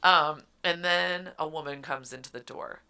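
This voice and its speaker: A woman's voice: sits low, moderate pace, gravelly, bright, forceful tone, clean tone. A woman co-hosting a book podcast, casually retelling a story and acting out the characters' lines. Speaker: podcast co-host. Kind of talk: casual book recap chat.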